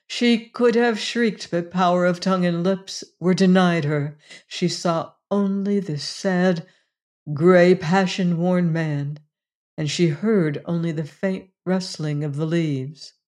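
A narrator reads a classic novel aloud, slow and measured. The voice sits at a middle pitch. Each phrase is given room. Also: steady tone, darkish tone. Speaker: audiobook narrator. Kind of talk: scripted narration.

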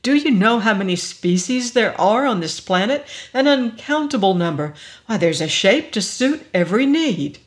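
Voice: medium pitch, animated, moderate pace, pitched above the performer's own voice, natural voice. A narrator voicing a carefree alien dog. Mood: persuasive. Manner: easygoing, stubborn. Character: young shape-shifting alien in dog form, carefree.

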